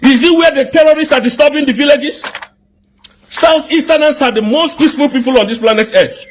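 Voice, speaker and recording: A man's voice: very high-pitched, brisk, a little hiss or hum. A man with a Nigerian accent delivering an angry political rant, firing off indignant rhetorical questions. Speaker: commentator.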